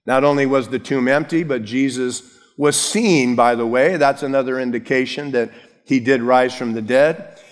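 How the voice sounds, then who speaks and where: A male pastor with a mid-range voice preaches a sermon at a moderate pace, telling Bible stories casually and with humor. He acts out the biblical characters in lively voices, and a long reverb tail trails his words.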